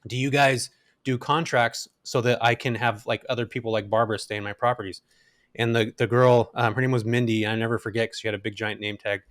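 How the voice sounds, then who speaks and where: A middle-aged man telling his story as an interview guest, animated and casual, with frequent fillers. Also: medium pitch, a little fast, no room sound. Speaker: guest, rental investor.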